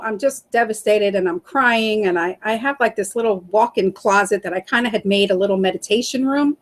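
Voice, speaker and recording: Middle-aged woman guest, high voice, lively storyteller who laughs a lot. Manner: animated, laughs often, acts out quoted voices. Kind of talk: casual storytelling interview.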